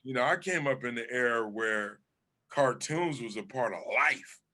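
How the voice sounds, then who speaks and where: A man from Southern California, a guest comedian chatting casually in an interview, telling animated stories and swearing freely. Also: mid-range voice, moderate pace.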